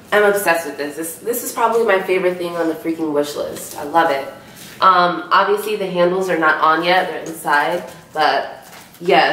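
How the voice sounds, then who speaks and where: A young woman chats to the camera, gushing and excited, her voice low and worn from being sick. She is recorded from across the room, so the sound is echoey with a faint hiss behind her. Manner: bubbly, gushing, lots of "like" and "so cute". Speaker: vlogger. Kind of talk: casual chat to camera. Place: home room, indoors. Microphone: camera mic from a distance. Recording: echoey room, mic from far off.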